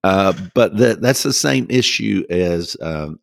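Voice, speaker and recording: A man telling a folksy story in a casual interview, halting with many restarts and laughing at himself. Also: low-pitched, animated, creaky, dry recording, clean studio sound. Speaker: guest.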